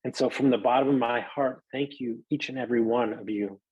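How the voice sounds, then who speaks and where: A man's voice: medium pitch, steady tone, a little fast, darkish tone, husky, no room sound, highs cut off. A man hosting a podcast, giving an emotional, earnest thank-you to his co-host and listeners, swearing casually. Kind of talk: heartfelt thank-you monologue.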